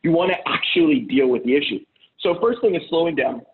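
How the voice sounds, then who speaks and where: A middle-aged man talks bluntly and swears freely as he coaches other men on arguments at home, slipping into heated quoted voices. His voice sits a little high for a man. The sound is thin and tinny, like it comes over a phone line. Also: animated, a little fast. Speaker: relationship coach. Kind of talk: casual advice talk.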